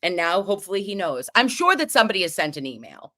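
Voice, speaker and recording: A woman tells a story on her livestream, loose and foul-mouthed. Her pitch swoops up and down as she gets carried along, and she fires off quick asides between the beats. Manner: animated, profane, quick asides and laughter. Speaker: livestream host. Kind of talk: casual storytelling chat.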